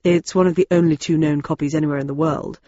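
A woman's voice: low voice, fairly even intonation, fast talker, mellow, dry recording, highs cut off, voice pushed down. A woman reading the part of a precise, bookish male librarian in an audiobook. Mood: earnest.

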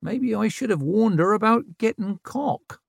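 A man voicing a blunt, dry-witted wild hill woman who mocks and lectures in rough country grammar. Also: lowish voice, very animated, a little slow, dry recording, pitched above the performer's own voice, exaggerated voice. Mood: wry.

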